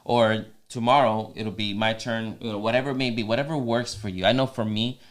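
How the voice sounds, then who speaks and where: Earnest man with a low voice. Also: fairly even intonation, brisk. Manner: earnest, many restarts, teasing asides. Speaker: podcast co-host. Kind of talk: casual faith-based marriage talk.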